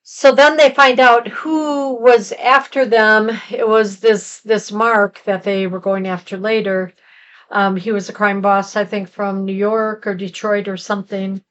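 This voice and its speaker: A woman's voice: medium pitch, steady tone, measured pace, a bit bright, clean tone, highs cut off. A woman co-hosting a casual movie review chat, recapping the plot in a rambling way with lots of fillers. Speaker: podcast co-host.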